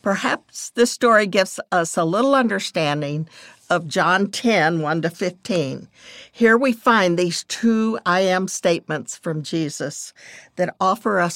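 An older woman giving a devotional teaching, reading scripture in a gentle, measured way. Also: lowish voice, no echo, clean studio sound. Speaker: devotional speaker.

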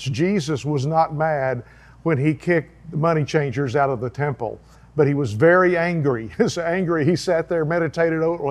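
Folksy male pastor, slightly raised pitch, earnest sermon delivery. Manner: folksy, earnest, preachy with asides and chuckles. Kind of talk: sermon-style video talk.

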